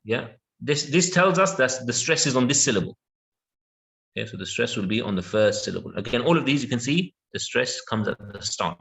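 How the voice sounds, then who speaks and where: A man giving an online English lesson in an everyday mid-range voice. He talks patiently, drawing words out and filling the pauses with yeah and okay while he checks that his students follow. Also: mid-range voice, animated, gravelly, fairly bright tone. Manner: patient, repeats words slowly with many yeahs and okays. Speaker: English teacher.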